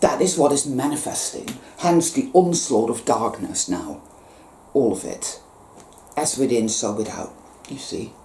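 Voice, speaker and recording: With a very deep, warm voice that's animated and a little slow, this woman gives a fervent spiritual monologue over slight hiss or hum and roomy echo. The vlogger swears freely, speaks with intensity and emphasis, and repeats her phrases to drive them home.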